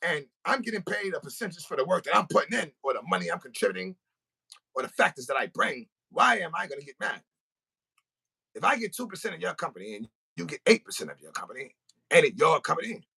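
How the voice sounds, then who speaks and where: A man hosting a podcast and ranting in an animated, comic way. His voice is gravelly and husky with a bright, forceful edge. His pitch swings widely. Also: quick pace. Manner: animated, profane, comic storytelling. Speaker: podcast host. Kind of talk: casual podcast rant. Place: studio.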